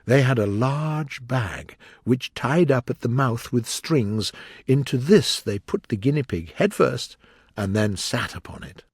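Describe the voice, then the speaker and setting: Gravelly, lively audiobook narrator. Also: male voice, medium pitch, measured pace, dry recording, clean studio sound. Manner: lively, expressive reading. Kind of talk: storybook narration.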